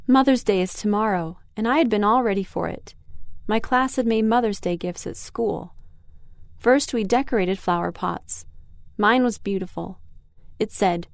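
A woman reading a children's story aloud in an expressive first-person child narrator's voice. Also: medium pitch, normal speed, no echo, studio quality. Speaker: audiobook reader.

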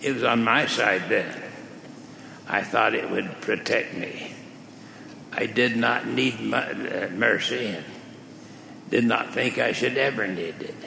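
A preacher with a gravelly voice playing a desperate male debtor who begs for mercy, in an echoey hall. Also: lowish voice, slow, pauses often, bright, forceful tone, a little hiss or hum, heavily acted. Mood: pleading. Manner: pleading.

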